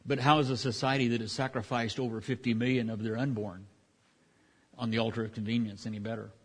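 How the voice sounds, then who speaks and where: Middle-aged male pastor, sermon, chatty, self-interrupting, mid pitch. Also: flat delivery, quick pace, breathy edge. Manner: conversational, with frequent restarts and asides.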